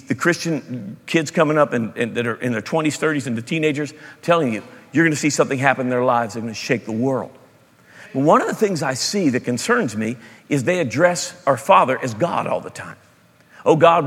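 A pastor preaching a sermon with storytelling, animated, jumping between loud emphasis and quiet asides. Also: male voice, mid-range voice, in a large hall.

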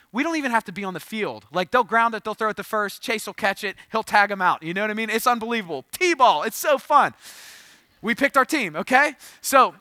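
Bright-voiced animated man preaching. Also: high-pitched, no room sound. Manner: storytelling, animated and joking. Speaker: pastor. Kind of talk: sermon.

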